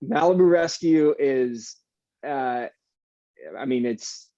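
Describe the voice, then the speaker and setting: A young adult man, an actor guest, chatting casually in an interview, easygoing and animated with plenty of fillers. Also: mid-range voice, slow pace, dry recording, highs cut off.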